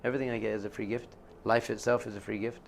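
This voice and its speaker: A man's voice: fairly low pitch, little pitch movement, very fast, vocal fry, slight background noise. A man teaching as a rabbi in an informal class, conversational and jokey, often laughing and acting out quotes.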